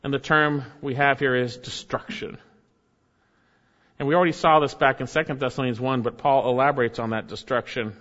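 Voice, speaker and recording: A man preaching a sermon with earnest emphasis, often dropping his voice low and soft to stress a point. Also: fairly even intonation, brisk. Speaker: pastor. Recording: dull sound with long hall reverb.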